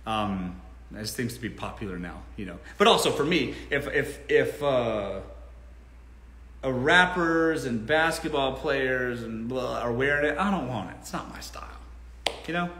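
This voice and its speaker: A man's voice: medium pitch, lively intonation, unhurried, a bit bright. A man hosting a casual live Q&A, talking bluntly and swearing freely. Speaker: host. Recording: roomy echo.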